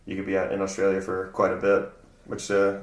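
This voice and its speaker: A low-pitched man from the American South chats as a podcast guest, easygoing and loose, circling back with restarts and laughing often. He sits some way off the microphone in a room that rings with echo. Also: completely flat delivery, a little fast, far from the mic. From Southern United States. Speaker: guest comedian. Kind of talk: casual chat. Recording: roomy echo, from the mic.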